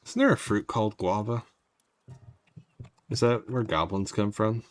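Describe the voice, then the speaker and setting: Low-voiced man rambling over a game. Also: a little slow. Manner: rambling, wry, talks to chat. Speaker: gaming streamer. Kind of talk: casual gameplay commentary.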